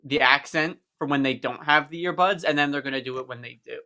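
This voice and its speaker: A man's voice: a little high, quick pace, sharp tone. A man hosting a casual live stream chat, talking eagerly and explaining things at length. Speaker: host.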